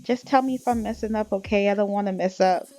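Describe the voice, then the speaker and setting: A woman's voice: mid-range voice, fast talker, mellow, close to an everyday voice. A woman voicing a nervous young pregnant model who keeps asking whether she is posing right. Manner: unsure, asks for approval.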